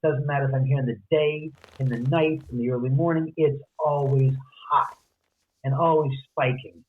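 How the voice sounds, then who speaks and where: A man's voice: medium pitch, steady tone, normal speed, breathy edge. A man, a guest author, animatedly telling a story and acting out the other person's lines. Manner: acts out quoted dialogue. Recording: tinny phone-line audio.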